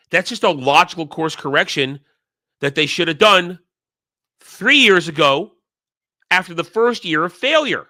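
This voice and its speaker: A man's voice: a little high, animated, measured pace, long pauses, pushed and bright, no room sound, clean studio sound. A man giving sarcastic, scornful commentary in a rant, often repeating his phrases. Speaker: online commentary host. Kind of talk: ranting commentary.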